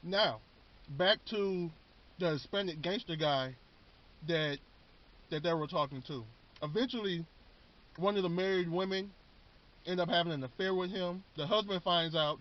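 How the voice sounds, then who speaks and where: A man casually recapping a TV show in a rambling, slangy way, often repeating words. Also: on the high side. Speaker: vlogger. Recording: dull lo-fi recording.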